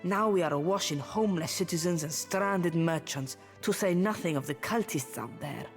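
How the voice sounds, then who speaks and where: An actress voicing a tired, stern town watch commander who speaks in a curt, measured way. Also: female voice, fairly low pitch, faint music behind, natural voice. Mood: weary. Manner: curt, measured, weary authority.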